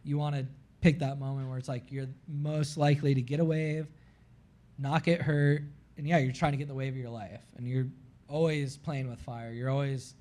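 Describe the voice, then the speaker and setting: A man from Florida, a guest on a live podcast, telling a long story in an animated way, peppered with "like" and acting out what people said. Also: medium pitch, normal speed. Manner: animated, heavy use of "like", acts out his own quotes.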